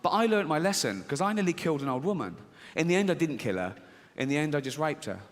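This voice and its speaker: Male stand-up comedian, lively swooping delivery, slightly high voice, profane, echoing hall, faint ambience. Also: fast, background noise. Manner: animated, profane, acts out characters.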